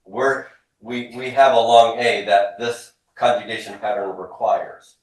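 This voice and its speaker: A man teaching a grammar lesson to a class, drilling students with quick questions. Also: fairly low pitch, steady tone. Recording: echoey classroom from far off.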